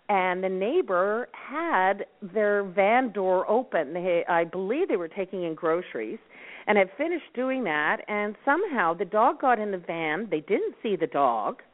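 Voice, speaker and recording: A woman from Nova Scotia who founded a dog rescue network, calmly giving advice as a guest on a radio talk show. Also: mid-range voice. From Nova Scotia, Canada. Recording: tinny phone line.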